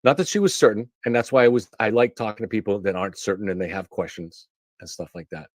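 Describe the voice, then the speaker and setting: A man with a lowish voice rambles through a story on a live stream, restarting sentences and drifting into asides. The sound is close and dry, with no room echo. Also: quick pace. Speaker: show host. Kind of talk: casual monologue on a live stream.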